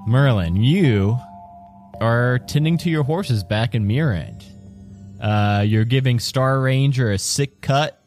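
A man's voice: mid-range voice, takes it slowly, a little mellow, faint music behind. A man narrating a tabletop game as game master in a descriptive way, breaking into laughter now and then. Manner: descriptive, laughs between lines.

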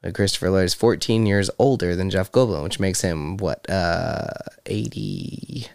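A man with a low, smooth, resonant voice, talking casually as a podcast co-host. He shares movie trivia in a relaxed way, chuckling often. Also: measured pace. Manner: chatty, trivia-sharing, laughs often. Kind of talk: casual chat.

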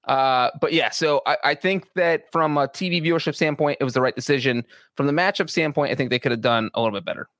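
A man's voice: mid-range voice, quick pace, fairly bright tone, no room sound. A man co-hosting a sports podcast, talking through his views in a chatty way with frequent restarts. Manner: chatty, many restarts and asides. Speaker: sports writer and podcast co-host. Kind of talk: casual podcast analysis.

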